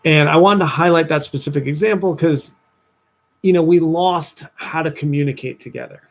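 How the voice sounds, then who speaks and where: A young man, a dating coach talking to viewers on a livestream, telling a personal story with lively voiced-out asides. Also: moderate pace. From New Jersey, USA. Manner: animated storytelling, acts out his past self in a higher voice.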